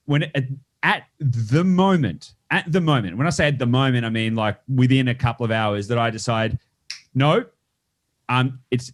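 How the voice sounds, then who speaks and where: Male interview host, casual and rambling, mid-range voice. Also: normal speed. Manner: rambling, restarts often, acts out clients in a high voice. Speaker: podcast host.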